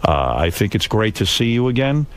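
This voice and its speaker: A man's voice: lowish voice, big pitch swings, normal speed. A man hosting a radio show, talking frankly and reflectively in a casual studio chat. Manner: reflective, frank, hands off to callers.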